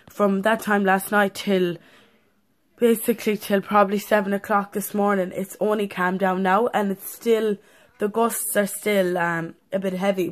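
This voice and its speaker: A woman chatting in a casual vlog, telling a story in a rambling, breathless way with many fillers. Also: medium pitch. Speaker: vlogger.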